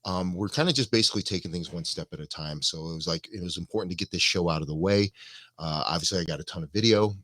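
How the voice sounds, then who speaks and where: A man talking as a guest in a relaxed live-stream interview, loose and halting, with many fillers and restarts. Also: low-pitched, no room sound. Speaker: musician guest.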